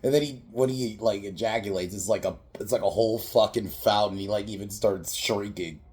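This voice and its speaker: Speaking fairly quickly in a fairly low, darkish voice, a man reviews a comedy movie on his podcast. His casual recap rambles along with frequent laughs, swearing, and mocking scene quotes.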